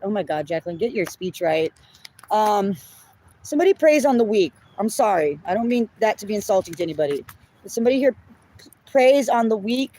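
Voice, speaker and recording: A woman's voice: mid-range voice, dark tone. Blunt, apologetic woman tarot reader. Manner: apologetic, blunt, swears when upset. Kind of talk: collective reading, casual talk.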